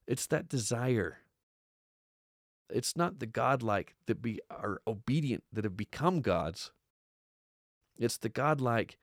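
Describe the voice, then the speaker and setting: A man's voice: medium pitch, vocal fry, dry recording, clean studio sound. A man hosting a podcast, giving an earnest religious study talk and often repeating words as he stresses points. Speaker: podcast host teaching scripture.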